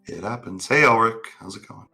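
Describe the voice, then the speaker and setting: Deep-voiced, bright-toned man chatting. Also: fairly quick, soft background music. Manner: relaxed, rambling with filler words. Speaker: podcast co-host. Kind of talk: casual chat.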